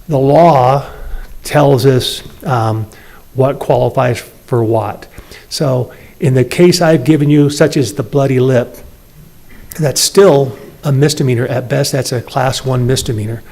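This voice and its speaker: A man, a police chief, answering a council member's question in a measured, explanatory way with plain examples. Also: medium pitch, darkish tone. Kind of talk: answering questions at a public meeting.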